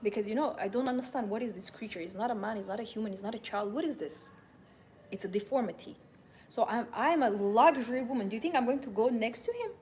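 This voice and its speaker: A woman's voice: on the high side, expressive, quick pace, darkish tone, slight background noise. A young adult woman hosting a live motivational talk, speaking in a passionate, emphatic, self-assured way. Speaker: host and femininity coach.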